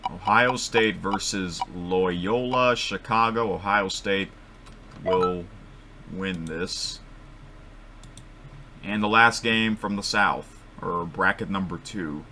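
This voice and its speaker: Slow-talking man with a bright voice. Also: sits low, a little hiss or hum. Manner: rambling, self-correcting, sudden excited outbursts. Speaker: vlogger making bracket picks. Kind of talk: casual thinking-aloud commentary. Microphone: computer microphone.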